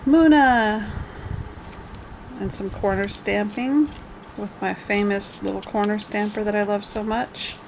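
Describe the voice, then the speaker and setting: A woman's voice: medium pitch, steady tone, normal speed, vocal fry, slight background noise, poor audio. A woman casually walking through her handmade journal page by page, chatty and rambling with jokey asides. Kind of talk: casual show-and-tell.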